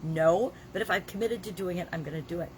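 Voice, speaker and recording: A woman's voice: lowish voice, quick pace. A woman in her sixties, talking casually in a daily video diary while she has a cold and a scratchy throat, chatty and emphatic with the odd cough. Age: 60s. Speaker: vlogger.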